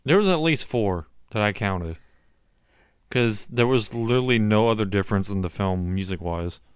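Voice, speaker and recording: A man's voice: lowish voice, lively intonation, moderate pace, clear, resonant tone, no room sound, clean studio sound. A man in his thirties co-hosting a podcast, dropping wry jokes in casual chat about a film. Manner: wry quips and short jokes. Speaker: podcast co-host. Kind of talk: casual movie-review chat.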